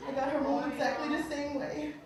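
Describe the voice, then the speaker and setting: A woman doing a stand-up comedy set on a small club stage, loud and animated, swearing and acting out characters. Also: high voice, fairly quick. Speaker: mother of three grown children. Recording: echoey club, distant mic, crowd. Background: audience laughter.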